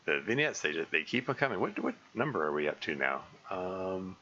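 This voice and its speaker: A man's voice: low-pitched, sing-song, normal speed, sharp tone, dull audio, slight background noise. A man streaming a visual novel, rambling and thinking aloud with many restarts.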